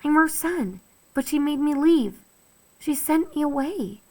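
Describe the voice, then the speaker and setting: An earnest, anxious boy who speaks in stiff, precise sentences, as a woman reading a storybook puts him on. He sounds plaintive and wordy, with a slightly raised pitch. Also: animated, unhurried, a little mellow, poor audio.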